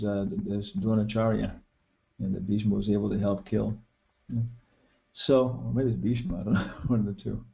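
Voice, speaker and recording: In a dull, lo-fi recording, an older man with a lowish, creaky voice gives a casual scripture class. He retells an epic story and scenes from films in a rambling way, restarting often and filling gaps with fillers.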